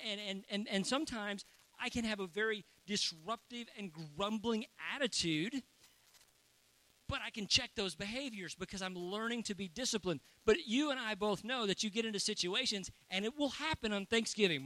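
A man's voice: high voice, sharp tone. A man preaching a sermon as a pastor, chatty and joking with his congregation.

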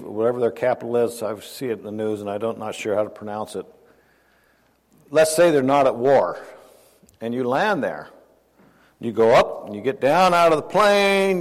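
An older man preaching a sermon in a conversational way, asking his listeners questions and chuckling often. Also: medium pitch. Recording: long hall reverb.

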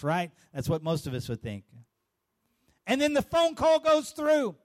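A male pastor in full sermon flow, calling out to the congregation and rising into shouts. His voice runs high and swings widely in pitch, lively and animated throughout. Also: moderate pace. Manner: call-and-response preaching, bursts of shouting.

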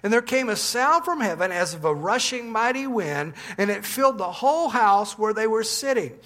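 A man preaching as pastor, in a relaxed storytelling manner with restarts and asides. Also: high-pitched, moderate pace. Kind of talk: sermon with a told joke. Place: church.

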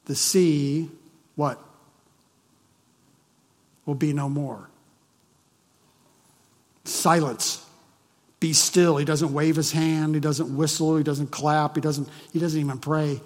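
A man preaching a conversational sermon, dropping to hushed tones and then rising to emphatic points. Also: fairly high pitch, long reverb tail. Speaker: pastor.

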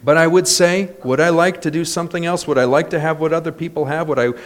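A man preaching a sermon as a pastor, telling stories and building to loud exclamations. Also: a little high, steady tone, fast. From United States.

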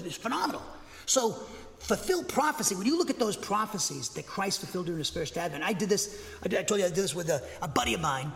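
A man's voice: high-pitched, fairly bright tone, big-room sound. A man preaching a sermon as a pastor, with an emphatic, rambling way of talking and frequent self-corrections.

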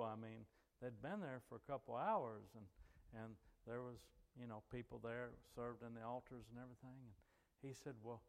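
A man's voice: medium pitch, big-room sound. A male pastor preaching a sermon in a folksy, conversational way, telling stories to his congregation. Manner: folksy, conversational, frequent "you know". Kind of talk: sermon with storytelling. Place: church sanctuary.

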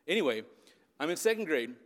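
A preacher and youth leader in his fifties, from the US Upper Midwest, tells a story during a sermon and keeps checking in with his listeners. His voice is fairly high with big pitch swings and a fairly quick pace, and the recording carries the long reverb of a large hall.

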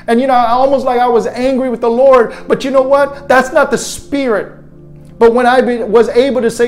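A man with a notably high voice delivers an earnest, repetitive sermon and leads a spoken prayer. Faint music plays quietly behind him. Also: steady tone, a little fast. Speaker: preacher. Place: his own online broadcast to viewers at home.

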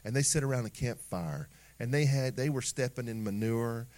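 A middle-aged man preaching a sermon in an animated way, acting out little scenes and dropping into quiet asides. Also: medium pitch, normal speed. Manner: animated preaching with acted asides and sung snippets. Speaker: pastor.

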